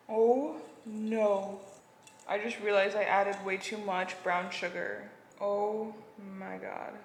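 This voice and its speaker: While cooking in her echoey home kitchen, a vlogger chats to her viewers in a self-deprecating, talkative way. Her voice is medium-pitched and a bit bright, and there's slight background noise from clattering dishes.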